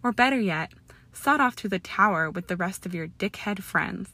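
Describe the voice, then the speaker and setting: A woman's voice: mid-range voice, expressive, moderate pace, no echo. A woman reading as a snarling young wizard. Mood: angry, shouting. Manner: snarling, shouting, sneering. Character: scornful young male wizard, hot-tempered. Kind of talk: audiobook character reading.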